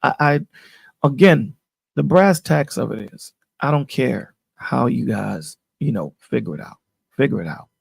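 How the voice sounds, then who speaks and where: A man's voice: mid-range voice, lively intonation, measured pace, vocal fry, breathy edge, dry recording. A man hosting a panel on his channel, talking in a casual, preachy way and often asking "you know what I'm saying". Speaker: channel host on a panel call. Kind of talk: casual chat.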